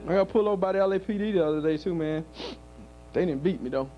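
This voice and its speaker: A man's voice: high voice, racing, highs cut off, a little hiss or hum. A male stand-up comedian doing a loose, profane club set and laughing at his own jokes.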